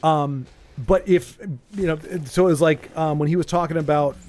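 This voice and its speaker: A man hosting a stream, chatting casually in a rambling, animated way. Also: fairly high pitch, a little hiss or hum. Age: adult with a young child. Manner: rambling, animated, does quick silly voices. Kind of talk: casual chat.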